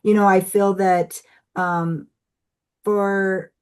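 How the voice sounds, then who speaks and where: A woman speaking as a guest on a podcast, an assistant professor, talking in an unhurried, thoughtful way with many fillers. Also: medium pitch, level tone, clean tone. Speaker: assistant professor, incoming association president.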